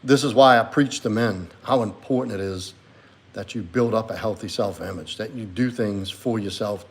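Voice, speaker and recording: A man hosting a casual livestream as a men's coach, reading viewer comments aloud and reflecting on them earnestly. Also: on the low side.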